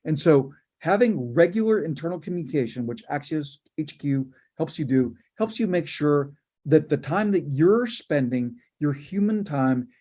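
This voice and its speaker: A man, a news company cofounder, giving emphatic, fast-flowing answers as an interview guest. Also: on the high side, lively intonation, dark tone.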